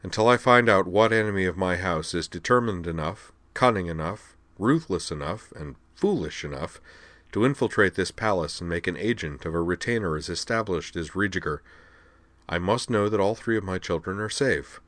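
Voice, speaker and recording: A man voicing a stern, powerful noble patriarch who speaks firmly and in measured terms. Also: low-pitched, lively intonation, a bit bright, no echo. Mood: commanding. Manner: firm, measured, commanding.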